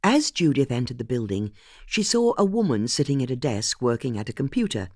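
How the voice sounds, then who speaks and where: An audiobook narrator reading a mystery novel in an expressive, scripted way. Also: mid-range voice, a little fast, dry recording, clean studio sound.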